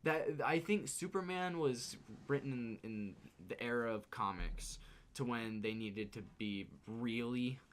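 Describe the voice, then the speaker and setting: An earnest man co-hosting a casual podcast, his pitch at an ordinary middle for a man. He laughs easily and swears in passing. His tone is sincere and relaxed. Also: unhurried, slight background noise. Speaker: podcast co-host. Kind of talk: casual chat.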